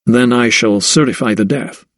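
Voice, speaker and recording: Man doing a calm polite georgian doctor, plain dry audiobook voice. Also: mid-range voice, no room sound, natural voice. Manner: measured and polite. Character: composed young Georgian doctor.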